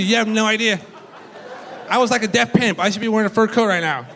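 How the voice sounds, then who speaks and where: Young male stand-up comic, high bright voice, profane, rambling with fillers, stage mic. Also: fast talker, vocal fry, a faint crowd, a little hiss or hum. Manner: loose, profane, excitable with frequent fillers. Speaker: stand-up comedian. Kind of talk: stand-up comedy set. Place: comedy club stage with audience.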